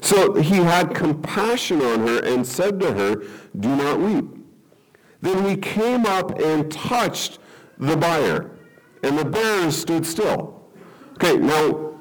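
A man's voice: fairly high pitch, very animated, takes it slowly, rough recording. A man preaching a sermon, explaining a Bible passage and checking in with the listeners with frequent "okay?" and light chuckles. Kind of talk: sermon teaching.

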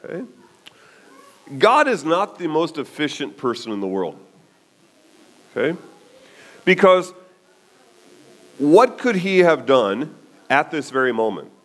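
A male pastor delivering a sermon in a slightly high voice. His delivery is animated, with pitch swinging widely as he retells a story. He keeps checking in with his listeners by asking "okay?". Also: slow, pauses often.

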